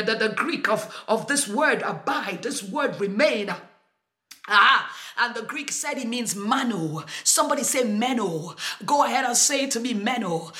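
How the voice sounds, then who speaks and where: A woman pastor preaching a sermon with call-and-response and bursts of speaking in tongues, emphatic and repetitive, often filling pauses with "uh". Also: a little high, sharp tone. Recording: echoey church room.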